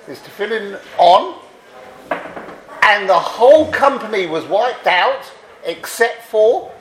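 Drunk middle-aged Scotsman, earnest and drawn out, high and lively, as a storyteller puts him on, roomy hall with a crowd behind.

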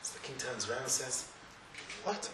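A man's voice: medium pitch, animated, moderate pace, fairly bright tone. A man teaching a religious lesson, telling a parable and acting out its dialogue, with Hebrew terms mixed in. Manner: storytelling, acts out dialogue, with Hebrew and Yiddish terms. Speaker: Torah teacher. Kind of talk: sermon with a told parable. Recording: echoey room from far off, audible noise.

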